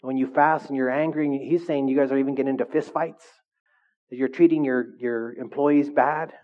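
A man's voice: medium pitch, steady tone, fairly quick. A male pastor preaching a conversational sermon, often checking in with his listeners. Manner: conversational, keeps checking in with the congregation. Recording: dull lo-fi recording.

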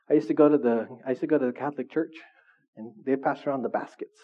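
A man preaching to his congregation in a casual, animated way, often asking the room questions. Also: mid-range voice, fast, highs cut off. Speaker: pastor. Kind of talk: sermon.

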